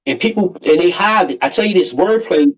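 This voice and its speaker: A man's voice: high voice, lively intonation, brisk, low-quality recording. A man co-hosting a podcast, chatting casually in loose slang and cutting in on others. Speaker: podcast co-host.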